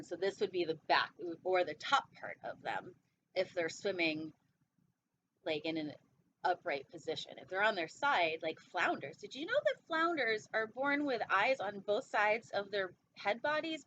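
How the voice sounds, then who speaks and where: A woman's voice: mid-range voice, a bit bright. A young woman hosting storytime, reading a children's picture book aloud with playful, chatty asides. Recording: dull lo-fi sound with faint noise.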